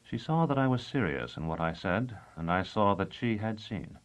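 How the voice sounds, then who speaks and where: Low-voiced man narrating a novel. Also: expressive, moderate pace, rough recording. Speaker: audiobook narrator. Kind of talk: first-person scripted narration.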